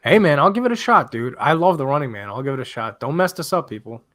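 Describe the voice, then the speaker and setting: A man chatting on a podcast with a lively, up-and-down pitch, enthusiastic and relaxed, dropping casual slang. His voice is close and dry, with no room sound. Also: fast, no room sound. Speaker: podcast co-host.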